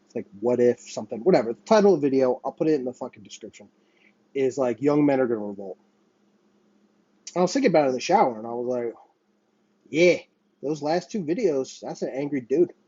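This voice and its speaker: A man from the United States rants to camera in a husky, darkish voice, swearing freely and looping back over his own words. The sound is dry and slightly muffled, like a cheap home setup in a small apartment. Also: medium pitch, animated, quick pace, warm tone, no echo. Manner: profane, rambling, self-interrupting. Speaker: vlogger. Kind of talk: ranting monologue to camera. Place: small apartment with a running window air conditioner.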